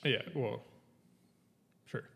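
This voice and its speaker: A man's voice: very slow, sharp tone, big-room sound, a little hiss or hum. A man telling a long story on a casual podcast, swearing often, laughing between lines and acting out what others said. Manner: profane, laughing, quotes people animatedly.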